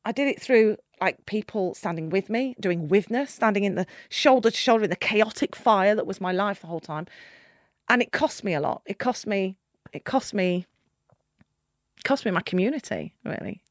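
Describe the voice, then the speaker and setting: A middle-aged woman tells her story in conversation, candid and emphatic. Her voice sits at a middle pitch and sounds close and dry, with no room around it. She moves quickly between hushed and loud. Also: dry recording. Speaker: guest, keynote speaker.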